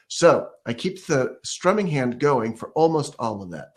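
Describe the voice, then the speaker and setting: A man's voice: medium pitch, animated, moderate pace, few pauses, loud music behind the voice. A man giving a casual ukulele lesson, explaining step by step and counting beats or scatting rhythms aloud as he plays. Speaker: ukulele teacher. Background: ukulele playing.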